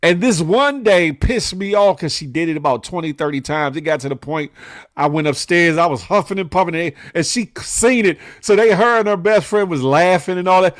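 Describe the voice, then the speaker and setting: A man hosting a casual morning show. His voice sits a little high for a man, and the recording is dry and close. He tells animated stories and acts out the people in them. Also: brisk, no echo. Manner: storytelling, animated quoted voices, laughs often. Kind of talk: casual livestream chat reading comments.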